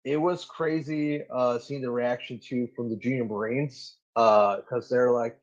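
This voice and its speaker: A man's voice: medium pitch, measured pace, few pauses. A man in his thirties, a Marine guest on an interview show, telling a story casually and animatedly with lots of "like"s. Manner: animated, filler-heavy storytelling with many "like"s. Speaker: Marine gunnery sergeant guest. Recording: slightly dull lo-fi audio.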